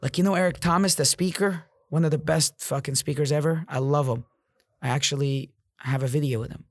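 A man's voice: a little high, steady tone, brisk, no room sound, studio quality. Intense, profane motivational man. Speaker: real estate entrepreneur. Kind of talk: motivational monologue.

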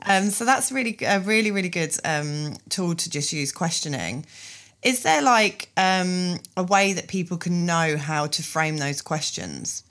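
A low-pitched woman hosts a podcast in a casual interview. She talks candidly and animates her own stories as she questions her guest. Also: expressive, unhurried, a bit bright. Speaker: podcast host.

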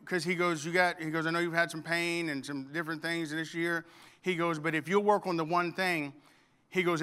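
A man's voice: a little high, pushed and bright, clear, resonant tone. A middle-aged man preaching a sermon, telling a funny story and acting out the dialogue. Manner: storytelling with humor, acts out dialogue. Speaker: pastor.

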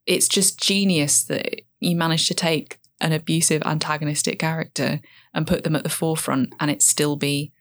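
A woman's voice: deep voice, steady tone, normal speed. A woman guest on a podcast, a comedian, talking enthusiastically and thoughtfully about a comedy show. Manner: enthusiastic, analytical. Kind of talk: casual podcast chat.

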